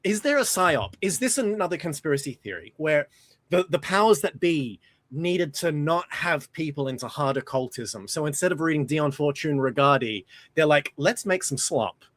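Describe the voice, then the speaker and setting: Animated man hosting a casual stream. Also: fairly high pitch, normal speed, no room sound. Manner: animated, swears, laughs easily. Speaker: stream host.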